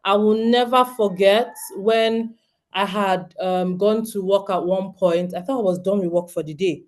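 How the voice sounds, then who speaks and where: In a medium-pitched voice with a darkish tone, a Nigerian woman in her thirties addresses a group of homeschooling parents at a measured pace. Earnest and direct, she keeps asking her listeners questions.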